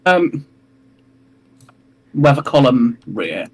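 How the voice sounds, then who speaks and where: A man with a husky voice plays in a tabletop naval battle. He pauses with hesitant ums before naming which ship fires at which. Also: mid-range voice, big pitch swings, darkish tone. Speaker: player. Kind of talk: casual tabletop game chat.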